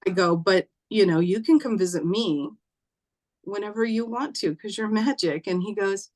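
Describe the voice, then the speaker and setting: Woman guest, mid-pitched, halting, emotional storytelling. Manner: halting, acts out dialogue softly.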